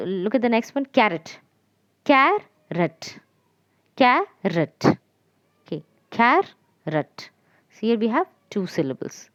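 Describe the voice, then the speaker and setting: A woman teacher giving a lesson to children, repeating and spelling out letters slowly. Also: medium pitch, no echo, lo-fi sound. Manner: slow, repetitive, spelling out letters.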